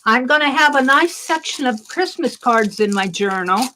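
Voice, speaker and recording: A woman's voice: high-pitched, animated, normal speed, sharp tone, a little hiss or hum, poor audio. A middle-aged woman chatting cheerfully while she crafts at home, thinking aloud as she works. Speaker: craft vlogger. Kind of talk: casual crafting vlog chat.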